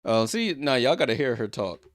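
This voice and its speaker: Excitable man doing casual play-by-play. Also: medium pitch, normal speed. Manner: excitable, joking, chatty. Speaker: streamer hosting a game watchalong. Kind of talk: casual live play-by-play commentary.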